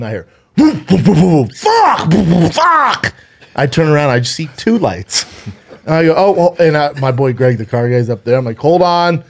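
A man's voice: medium pitch, a little mellow. A man co-hosting a podcast, telling stories in casual chat, acting out the voices of the people in them and laughing. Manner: laughing, acts out voices, swears a lot. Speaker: podcast co-host.

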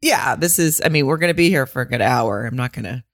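A woman's voice: rumbling low, expressive, fast talker, no echo, clean studio sound. A woman co-hosting a casual podcast from home, joking about herself and laughing often. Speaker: podcast co-host. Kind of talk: casual chat. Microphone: remote call setup at home.

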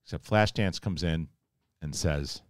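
A man giving a casual, rambling spoiler review, animated and joking, acting out characters' lines now and then, with some swearing. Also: a bass voice, measured pace, no echo, clean studio sound. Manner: rambling, conversational, mild swearing. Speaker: TV show reviewer.

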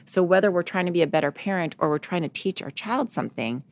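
A woman's voice: on the low side, animated, fast, creaky. A woman psychologist, a guest in a podcast interview, telling stories earnestly and acting out the quoted dialogue.

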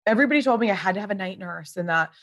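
A woman in her thirties talks casually as a podcast guest. She fills her sentences with fillers and jumps into lively quoted voices. The sound is dry and close, with a mid-height voice. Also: mid-range voice, rapid-fire, dry recording. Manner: chatty, many fillers, animated quoting voices. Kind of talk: casual chat.

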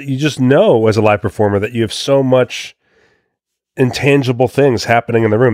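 A man's voice: medium pitch, darkish tone, no room sound, clean studio sound. A man co-hosting a podcast, chatting casually and reading out supporter thanks. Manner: reads sponsor thanks briskly. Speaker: podcast co-host. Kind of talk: casual chat.

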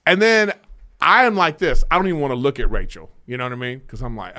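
Male co-host, casual chat, lively storyteller with big pitch swings. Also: quick pace. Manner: animated storyteller, acts out his own reactions. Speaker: podcast co-host.

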